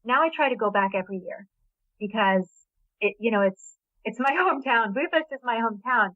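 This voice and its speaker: On the high side and fairly quick, this animated voice belongs to a middle-aged woman born in Hungary who has an American accent. As a novelist guest in a casual interview, she chats enthusiastically with small laughs. There's no room sound, and the audio is a tinny, dry phone line.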